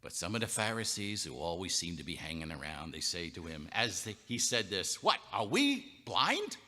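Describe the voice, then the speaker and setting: A man's voice: low-pitched, fairly quick, sharp tone. A man telling a story in a wry, theatrical comic way on a chapel stage. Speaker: storyteller performer. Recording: reverberant chapel hall.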